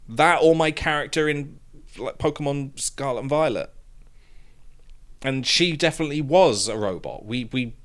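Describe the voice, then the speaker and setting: A man's voice: medium pitch, animated, moderate pace, a bit bright. A man doing jokey, rambling let's-play commentary, swearing freely while reading a game aloud. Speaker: game streamer.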